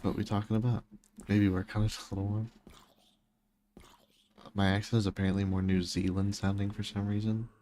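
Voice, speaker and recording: A man's voice: fairly low pitch, little pitch movement, fairly quick, pauses often, dark tone, a little hiss or hum. A man streaming a game, chatting casually with viewers and making dry, teasing jokes. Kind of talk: casual chat with viewers while gaming.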